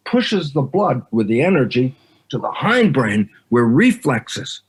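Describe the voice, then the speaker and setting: A man's voice: medium pitch, a little slow, breathy edge. A man giving an interview, explaining ideas emphatically and acting out both sides of conversations as he tells stories. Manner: animated storyteller who acts out both sides of conversations. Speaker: guest speaker. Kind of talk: interview talk.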